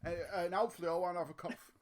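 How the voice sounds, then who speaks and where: A man's voice: high voice, racing. A man hosting a casual live stream chat, coughing with a sore throat and stumbling over restarts. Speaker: podcast host.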